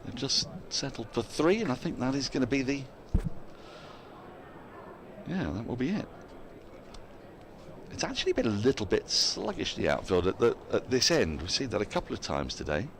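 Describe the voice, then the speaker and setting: A man's voice: mid-range voice, very animated, normal speed, long pauses, slight background noise. A man giving live cricket commentary in a chatty way, laughing often and reading out listener emails between the play.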